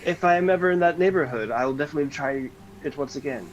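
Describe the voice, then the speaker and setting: A man's voice: on the high side, fast, lo-fi sound, slight background noise, close to an everyday voice. A man voicing an earnest, complimentary male genasi adventurer in a tabletop game.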